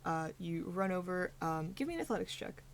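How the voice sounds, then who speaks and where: A woman's voice: on the low side, sing-song, a little fast, slight background noise. A young woman narrating a tabletop game as game master, rambling with lots of fillers.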